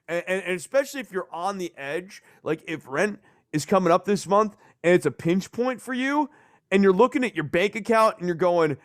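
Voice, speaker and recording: A man chatting on a podcast in a rambling, animated way, dropping curses for emphasis. His voice sits a little high and sounds dry and close to the mic. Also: normal speed, dry recording. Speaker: podcast host. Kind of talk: casual political podcast chat.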